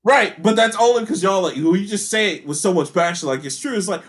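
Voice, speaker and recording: A man hosting a casual podcast chat, talking with passion and heavy profanity, sometimes raising his voice to a shout. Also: high-pitched, fast talker, hardly any pauses. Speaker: podcast host.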